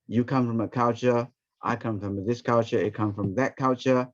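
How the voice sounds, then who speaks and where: A man, teaching a ministry training session through lively stories and acted-out quotes. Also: mid-range voice, moderate pace. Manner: animated, acts out quoted speech. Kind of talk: storytelling teaching talk. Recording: dull, muffled recording.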